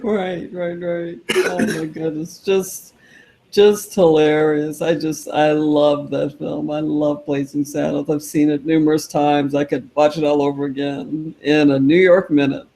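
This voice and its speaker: A man co-hosting a casual film chat, enthusiastic and quick to chime in with repeated agreement. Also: on the high side, level tone, vocal fry, mellow. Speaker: film show co-host.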